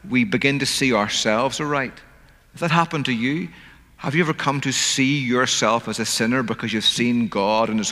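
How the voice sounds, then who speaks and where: A man preaching a sermon, slowing down to stress key words. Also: medium pitch, pushed and bright. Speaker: pastor. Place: church sanctuary. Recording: church hall with long reverb.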